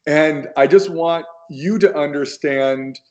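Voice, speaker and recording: An American man speaking as a guest on a video call, talking in a slow, gentle and encouraging way. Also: fairly high pitch. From United States.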